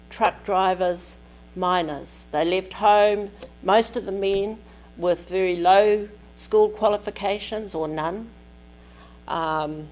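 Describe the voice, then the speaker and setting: Slow, measured New woman lecturing. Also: fairly low pitch, darkish tone, rough recording. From New Zealand. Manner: measured, deliberate phrasing in short pieces. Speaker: keynote lecturer. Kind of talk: academic keynote lecture. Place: lecture hall at a conference.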